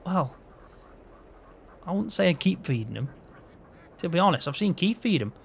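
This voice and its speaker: A man's voice: sits high, big pitch swings, normal speed, gravelly, slightly rough. A man playing a farm hand in a game role-play, chatting to himself and laughing often.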